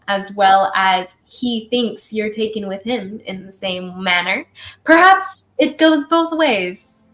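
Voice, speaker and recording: A woman narrating as game master in a relaxed way, with many fillers. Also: a little high.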